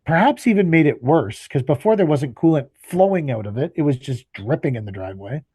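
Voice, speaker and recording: A man's voice: fairly high pitch, animated, fairly quick, dark tone, breathy edge, dry recording. A man co-hosting a casual podcast, telling an exasperated, profanity-laced story and acting out both sides of his phone calls, sounding tired. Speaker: podcast co-host, landscaping business owner.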